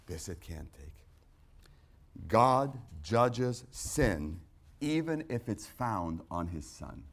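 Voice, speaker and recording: Guy preaching, repeats lines over and over, goes from real quiet to loud and strained, voice jumps around a lot. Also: mid-range voice. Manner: swings from hushed to shouting, repeats phrases for emphasis; acts out quoted prayers in a strained, rising voice. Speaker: pastor. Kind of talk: sermon.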